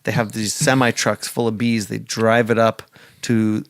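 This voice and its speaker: A man's voice: lowish voice, a little slow, no echo. A man co-hosting a podcast in casual chat, adding dry, sarcastic remarks and short asides. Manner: deadpan, sarcastic quips. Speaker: podcast co-host.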